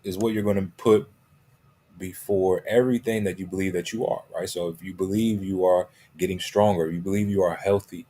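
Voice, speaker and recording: A man's voice: low-pitched, steady tone, brisk, dark tone, slight background noise. A man giving a motivational talk as a coach. He stresses his key phrases and keeps checking in with "right?" and "okay?". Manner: emphatic, repeats key phrases.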